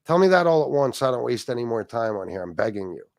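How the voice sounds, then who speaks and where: A middle-aged livestream host rants in a fast, sing-song, mid-range voice, mocking a rival with heavy swearing. He throws in asides to his viewers, and the audio has no room sound.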